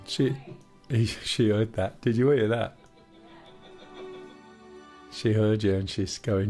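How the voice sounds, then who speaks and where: A chatty man in his sixties runs a live game stream, his voice sitting a little low. He rambles and drops jokey asides as he plays. Faint music hums underneath. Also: slow, long pauses, mellow. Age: 60s. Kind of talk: casual gameplay chat.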